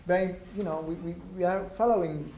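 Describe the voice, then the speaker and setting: A man with a French accent giving a public talk to an audience. He speaks haltingly with many ums, and his voice is going hoarse. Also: sits high, fairly even intonation, dark tone. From France. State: losing his voice. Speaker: visiting ambassador speaking to an audience. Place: lecture room at a university. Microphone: no microphone, room recording. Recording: echoey room with faint noise.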